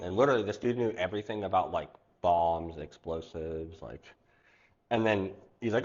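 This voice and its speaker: A man's voice: lowish voice, a little fast, highs cut off. A man hosting a live online cooking class, chatting casually and rambling into stories. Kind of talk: casual livestream class chat.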